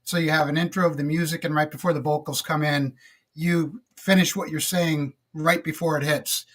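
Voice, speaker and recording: A middle-aged man with a slightly higher-pitched voice, chatting casually as a podcast guest. His delivery is relaxed and reflective and full of little fillers. He talks like someone recalling old jobs at an easy pace. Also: moderate pace. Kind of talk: casual interview storytelling.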